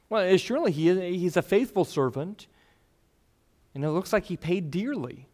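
Expressive preacher, a man with a raised voice. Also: high voice, moderate pace. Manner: expressive, voices the people in the story. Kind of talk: sermon.

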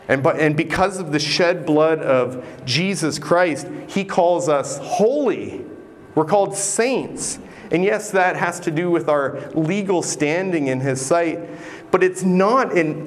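A man's voice: fairly high pitch, a little hiss or hum. A man preaching a sermon in an earnest, conversational way, sometimes restarting a phrase. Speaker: pastor.

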